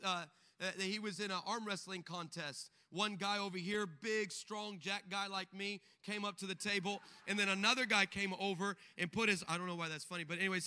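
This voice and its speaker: A young male pastor delivers an emphatic sermon, breaking into comic stories and acting out their voices. His voice sits high, with a very bright, forceful edge. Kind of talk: sermon with humorous storytelling.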